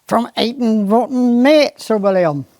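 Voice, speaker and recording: A simple old gamekeeper with a broad Cornish accent breaks bad news in a halting, roundabout way, as a storyteller puts him on. His voice sits a little above the teller's own. The recording is dry and close. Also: sits high, a little mellow, no echo, voice pushed up. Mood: hesitant. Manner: hesitant, roundabout, drawn-out dialect speech. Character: slow-witted, apologetic old Cornish gamekeeper.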